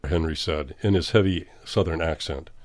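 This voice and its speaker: A man reading a horror story aloud in a measured, dramatic way. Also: very deep voice, dry recording, clean studio sound. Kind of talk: scripted horror narration.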